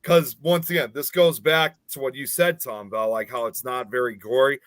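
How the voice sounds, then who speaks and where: A man's voice: mid-range voice, fairly even intonation, moderate pace, fairly bright tone, no echo. A man co-hosting a podcast, chatting casually and at length about horror films. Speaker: podcast co-host. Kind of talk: casual horror film discussion.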